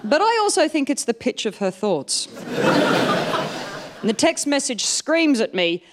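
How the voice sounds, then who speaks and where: A woman tells a true story on stage. Her wry, comic delivery keeps the pitch moving, and it climbs and dips often. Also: a little slow, pauses often. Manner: animated, wry, comic timing. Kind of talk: live storytelling performance.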